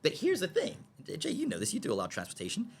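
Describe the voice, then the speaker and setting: A man telling a story as a podcast guest. He acts out the dialogue in the scenes he describes, keeps checking in with "okay?", and stammers and repeats words when he gets excited. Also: sits high, racing, vocal fry, slightly rough.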